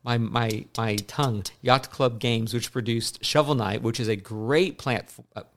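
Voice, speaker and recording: A man's voice: medium pitch, normal speed, slight background noise. Male podcast co-host, casual game chat, rambling delivery with stumbles and filler words. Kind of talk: casual chat about video games.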